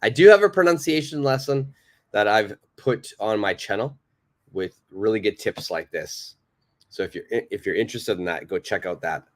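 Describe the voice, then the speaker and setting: A man's voice: on the low side, animated, normal speed. A man teaching a live online English lesson, patiently repeating and praising viewers' answers.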